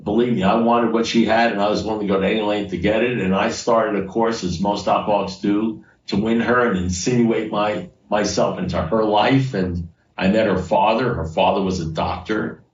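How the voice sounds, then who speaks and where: A man's voice: on the low side, steady tone, moderate pace, a little hiss or hum. A middle-aged man telling his story at a recovery meeting, casual and conversational, repeating phrases for emphasis. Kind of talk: personal share at a recovery meeting. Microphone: video call. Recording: roomy, distant, dull video call audio.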